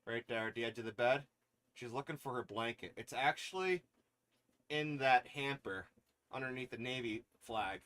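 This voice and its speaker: A man's voice: moderate pace, a bit bright, no echo. A man vlogging casually to his viewers while setting up gear, swearing freely and chatting as he works. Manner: baby-talks in a high voice to his cat. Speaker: streamer setting up gear on camera. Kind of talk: casual vlog talking to viewers.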